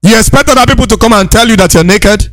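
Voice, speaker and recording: A man with a very high voice lectures with fervor, hammering the same points again and again and often raising his voice to a shout. The sound is dry, with no room around it. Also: fast talker, no room sound, faint music behind. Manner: preachy, repetitive, shouting rebukes. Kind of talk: impassioned lecture.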